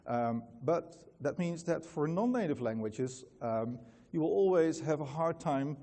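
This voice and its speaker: A man's voice: a little high, animated, unhurried, warm tone. Dutch-accented man, loose conference presenter, reverberant hall. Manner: casual, chatty, many fillers and restarts. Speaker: conference speaker. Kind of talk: conference talk.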